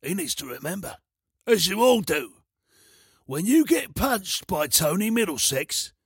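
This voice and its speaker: A man's voice: high-pitched, big pitch swings, a little slow, a bit bright, slightly rough, no room sound, studio quality, exaggerated voice. A man voicing a boastful tough-guy ex-soldier who talks about himself in the third person. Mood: menacing.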